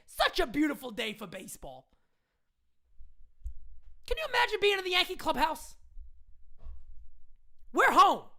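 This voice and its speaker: High, bright voice in a furious rant. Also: female voice. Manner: loud, indignant, repetitive ranting. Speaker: sports fan ranting. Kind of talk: live rant into a phone camera. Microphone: phone camera.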